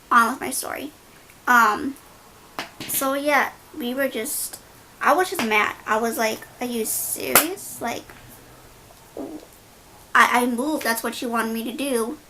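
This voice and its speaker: Young woman doing makeup and telling a story, high voice, slangy and dramatic, light hiss. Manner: animated, slangy, dramatic retelling. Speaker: beauty vlogger.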